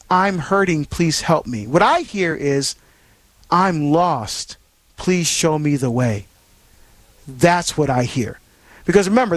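High-voiced earnest radio host, man. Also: dry recording. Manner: earnest, rambling, with many fillers and restarts. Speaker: Catholic radio call-in show host. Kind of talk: preaching radio talk.

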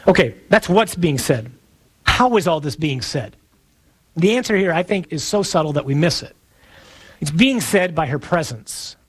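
A man preaching a sermon in a conversational, playful way, pausing for emphasis. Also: fairly high pitch, animated, breathy edge.

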